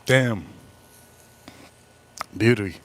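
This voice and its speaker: A man's voice: fairly low pitch, drawn-out words, fairly bright tone. A man hosting a casual live stream while cooking at a grill, talking bluntly and swearing as he gets frustrated. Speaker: livestream host cooking and drinking.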